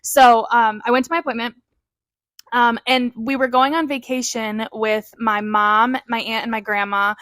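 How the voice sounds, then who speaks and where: A woman's voice: fairly high pitch, steady tone, normal speed, fairly bright tone, no room sound, rough recording. A woman co-hosting a podcast, chatting candidly with frequent laughs and swearing. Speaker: podcast co-host. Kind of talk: casual chat.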